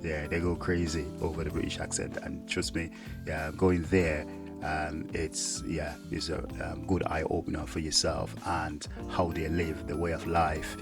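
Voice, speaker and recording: Deep-voiced soldier rambling casually. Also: male voice, level tone, measured pace, over music. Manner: rambling, full of "yeah" fillers. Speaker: soldier and vlogger. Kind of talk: casual talk to camera.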